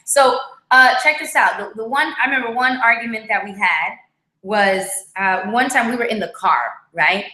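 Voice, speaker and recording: A woman co-hosting a casual livestream, telling a personal story in a lively way and often tagging her sentences with "right?". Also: a little high, normal speed. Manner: lively, repeats "check this out" and "right?". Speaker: co-host. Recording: echoey room.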